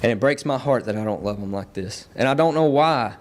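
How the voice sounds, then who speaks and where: A man's voice: medium pitch, lively intonation, a little fast, a little hiss or hum. A young man preaching a sermon in a church, earnest and building his points through repeated phrases. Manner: earnest, repetitive emphatic phrasing.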